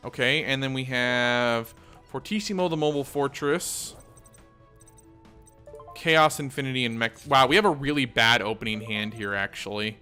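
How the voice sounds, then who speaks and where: Bright-voiced man chatting through a game. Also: medium pitch, normal speed, faint music behind. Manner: chatty, thinks aloud while playing. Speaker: gaming channel host. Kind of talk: casual let's-play commentary.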